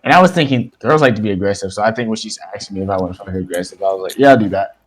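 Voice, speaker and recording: A man's voice: lowish voice, racing, low-quality recording. A young man on a podcast, telling stories in a blunt, profane, casual way. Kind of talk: casual chat.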